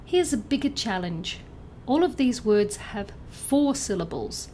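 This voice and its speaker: A woman narrating a scripted pronunciation lesson, enunciating each example word clearly and carefully. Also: a little high, very animated, measured pace, darkish tone, a little hiss or hum. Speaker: pronunciation teacher.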